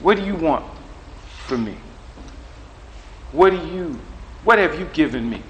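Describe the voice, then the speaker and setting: A middle-aged man preaching a sermon in a lively, conversational way, acting out back-and-forth dialogue. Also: on the high side, a little slow, muffled recording, slight background noise. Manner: animated, conversational, acts out dialogue with God.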